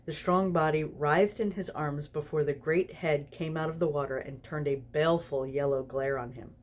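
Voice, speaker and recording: A woman's voice: low voice, normal speed, a little mellow. A tipsy woman reading a story aloud, giggling through it. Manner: giggly, snorty laughs while reading. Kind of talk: reading fan fiction aloud.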